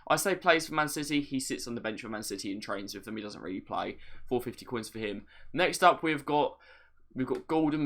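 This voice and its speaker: A man's voice: medium pitch, a bit bright. A young man giving a casual, chatty walkthrough of a video game, explaining each step plainly with light self-deprecating asides. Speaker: gaming video creator. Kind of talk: casual gameplay tutorial commentary.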